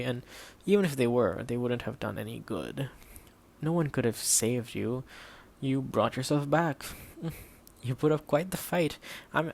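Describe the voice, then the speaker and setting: Gravelly male audiobook narrator. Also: mid-range voice.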